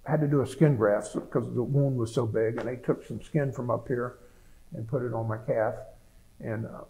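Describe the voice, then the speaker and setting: A man's voice: medium pitch, warm tone, poor audio. An older man, a veteran, telling his wartime story in a plainspoken, rambling way with many restarts. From United States. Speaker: veteran interviewee. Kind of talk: oral history recollection.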